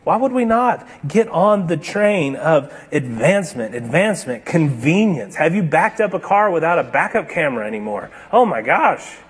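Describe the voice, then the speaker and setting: A man preaching a sermon, moving between emphatic, raised passages and hushed, slow, deliberate ones. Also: a little high, very animated, slightly rough. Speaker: pastor.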